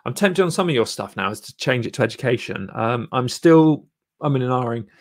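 Man, live-stream channel coach, rambling, lots of ums, encouraging, mid-pitched voice. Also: animated, a little fast. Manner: rambling, filler-heavy, encouraging. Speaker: YouTube channel coach and host.

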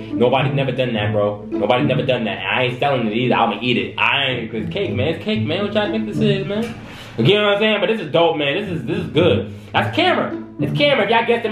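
A man casually reacting to videos for his viewers, excitable and slangy, often drawn-out in his amazement. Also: a little high. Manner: excitable, slangy, talks to viewers, lots of "bro" and "wow". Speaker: YouTube reaction host. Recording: echoey room with music behind.

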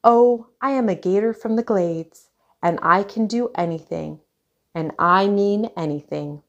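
A woman voicing a bold, bossy female alligator in a read-aloud picture book, loud and emphatic. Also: medium pitch, sing-song, a little slow, dull audio. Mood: singing.

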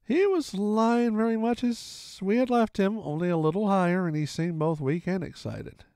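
A man's voice: high voice, moderate pace, a little mellow, no echo, clean studio sound. A man reading a classic adventure novel aloud, narrating expressively in the first person. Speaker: storyteller.

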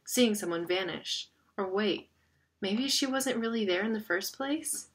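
A woman's voice: medium pitch, a little slow, breathy edge. A woman voicing a shaken, frightened young boy in a read-aloud story.

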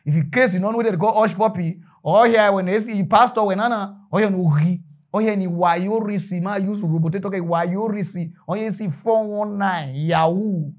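Man, Nigerian accent, high voice, comic storytelling, loud and hushed in turns. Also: normal speed, few pauses. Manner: animated, jumps between loud and hushed. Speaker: comedian storyteller.

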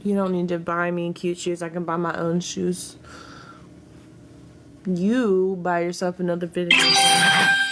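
A young American woman livestreaming, her voice sitting a little low as she drawls through viewer comments at an unhurried pace. She teases and talks back to her chat with frequent laughs, and a faint hiss of noise sits behind her. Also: fairly even intonation. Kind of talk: casual live-stream chat reading comments.

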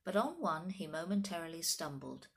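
Woman reading a kids story, lowish voice, big lively swings. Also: normal speed. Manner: expressive, animated storytelling.

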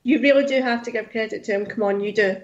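A woman's voice: on the high side, fast, highs cut off. A woman co-hosting a casual chat, brief and agreeable, asking questions. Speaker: podcast co-host.

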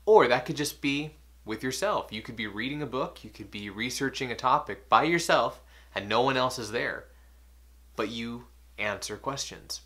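A man's voice: medium pitch, normal speed, a bit bright. Earnest man teaching a daily devotional. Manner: earnest, repeats key questions for emphasis.

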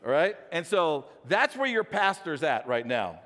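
A middle-aged man, a pastor, shares a humorous personal anecdote from the pulpit of a church sanctuary, speaking straight to his congregation with lively, jokey energy. His slightly high voice moves at an unhurried pace and fills a large hall.

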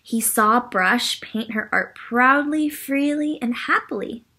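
A woman reading a picture book aloud to children, gently stopping to ask them questions. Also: fairly high pitch, slow pace, breathy edge. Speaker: children's story reader. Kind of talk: read-aloud storytime for children.

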